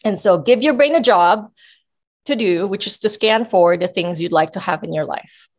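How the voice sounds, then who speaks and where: A woman guest coach giving casual advice, explaining in an emphatic, animated way. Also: mid-range voice, moderate pace.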